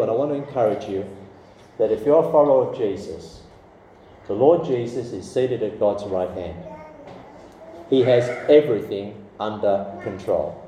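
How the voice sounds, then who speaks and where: A man, a pastor preaching a sermon in a lively, conversational way with asides to the congregation. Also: medium pitch. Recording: roomy hall, voice from a distance, faint background noise.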